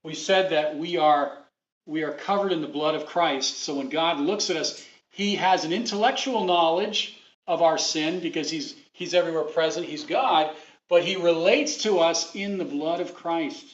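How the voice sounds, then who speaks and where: Preacher guy with a highish voice, punchy and repetitive, quizzing the congregation, muffled lo-fi recording. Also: normal speed. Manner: emphatic, repeats phrases, asks the congregation questions. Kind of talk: sermon. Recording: dull lo-fi recording.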